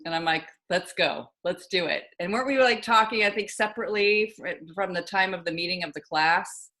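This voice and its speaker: A woman's voice: medium pitch, quick pace, bright, forceful tone. A woman hosting a podcast interview, laughing along and giving short encouraging replies in a casual chat. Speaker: podcast host.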